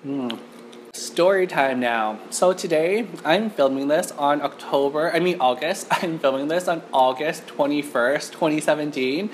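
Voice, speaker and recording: Talking to the camera in an empty restaurant, this woman from Canada hosts a chatty mukbang, peppering her speech with "like." She has a deep voice and a moderate pace with hardly any pauses, over slight background noise.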